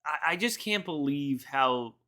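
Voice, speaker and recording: A man's voice: a little high, animated, a little slow, bright, forceful tone. A tipsy man co-hosting a podcast, giving rambling, profane movie commentary and laughing often. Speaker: podcast co-host. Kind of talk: casual movie commentary chat.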